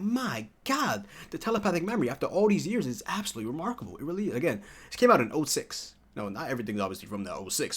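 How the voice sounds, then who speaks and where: A man in his early twenties giving a casual, excitable video review, full of slang and sudden high-pitched exclamations. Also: quick pace, hardly any pauses, breathy edge. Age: early 20s. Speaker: TV show reviewer.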